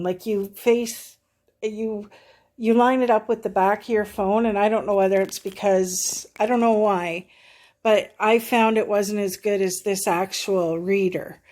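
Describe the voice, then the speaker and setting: A woman's voice: mid-range voice, a little mellow. A middle-aged woman talking in a casual, rambling vlog review, short of breath and full of fillers and restarts. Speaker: vlogger reviewing a product.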